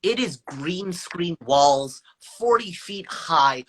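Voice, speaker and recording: Bright, energetic young man telling a story. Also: slow, low-quality recording. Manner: energetic, acts out quoted lines in higher voices. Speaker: actor guest. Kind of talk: animated storytelling in an interview.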